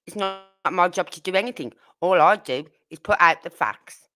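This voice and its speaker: A Birmingham woman with a Brummie accent hosts a casual true crime livestream, speaking to her viewers bluntly and indignantly. Her lowish voice is expressive and sharp, at a normal speed.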